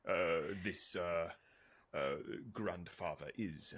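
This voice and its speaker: A man playing a character in a tabletop game, speaking in a slow, measured way. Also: low-pitched, fairly bright tone, slight background noise. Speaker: player.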